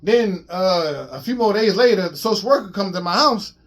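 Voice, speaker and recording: A man casually telling a long personal story to his viewers in an animated, profane way, with lots of repeats and restarts. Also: high-pitched, moderate pace. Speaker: vlogger.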